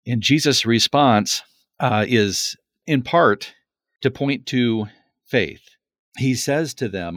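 A man talks through a Bible passage in an earnest, reflective manner. He circles back and repeats key words for emphasis. His voice sits at a middle pitch and sounds dry and close. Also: slow, a bit bright, dry recording. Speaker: Bible teacher. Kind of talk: conversational Bible discussion.

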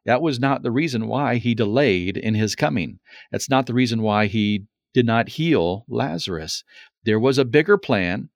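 A man's voice: mid-range voice, moderate pace, gravelly, no room sound, clean studio sound. Earnest man discussing scripture. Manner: earnest, reflective, repeats words for emphasis. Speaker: Bible teacher. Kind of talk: conversational Bible discussion.

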